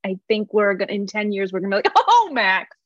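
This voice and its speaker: A woman co-hosts a podcast over a video call and airs her opinions playfully. Her voice comes through muffled and dry, with no room sound. Her pitch is ordinary for a woman. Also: monotone, rapid-fire, dry recording. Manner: playful, opinionated, laughs easily. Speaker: podcast co-host. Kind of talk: casual podcast chat.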